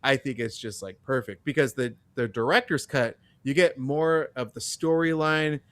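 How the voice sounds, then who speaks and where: A man on a casual live film review panel, speaking haltingly with many fillers. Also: mid-range voice, fairly bright tone, dry recording.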